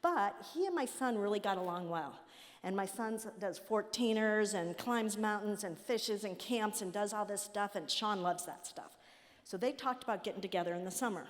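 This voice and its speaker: A woman's voice: medium pitch, moderate pace. Woman storyteller in a reverberant hall. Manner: animated storyteller acting out quoted voices. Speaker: nonprofit president speaking at a summit. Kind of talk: storytelling talk to an audience.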